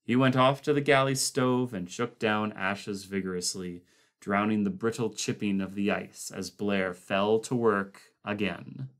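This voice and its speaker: A man reading a horror novella aloud, narrating plainly between expressive character voices. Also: on the low side, a little slow. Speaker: audiobook reader. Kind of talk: dramatic audiobook reading.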